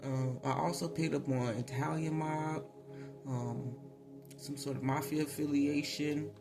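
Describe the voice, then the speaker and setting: A man giving a casual spiritual tarot reading, chatty, laughing often and filling pauses with ums. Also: a little high, fairly even intonation. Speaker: tarot reader. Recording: voice over clear background music.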